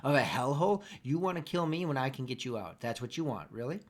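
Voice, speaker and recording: A steady, unshaken woman captive, as a man puts her on in his own voice for a tabletop game, pushing back coolly against the knife at her throat. Her tone swings widely yet never wavers into fear, and each taunt lands as a cold challenge. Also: mid-range voice, fast talker.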